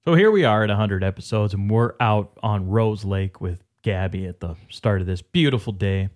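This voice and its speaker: A man hosting a podcast, telling a story and interviewing people outdoors at a wilderness lake in a relaxed, brisk way. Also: on the low side, no room sound, clean studio sound. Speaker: podcast host.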